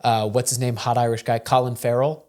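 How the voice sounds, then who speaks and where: A man's voice: medium pitch, flat delivery, brisk, darkish tone. A young man co-hosting a podcast in casual chat, rambling and laughing, sometimes scatting or trying silly accents. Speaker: podcast co-host.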